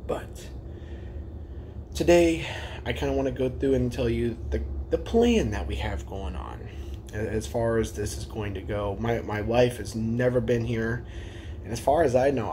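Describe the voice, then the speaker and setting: Excited young man vlogging. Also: lowish voice, a little hiss or hum. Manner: excited, rambling with restarts. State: tired after little sleep. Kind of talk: casual vlog.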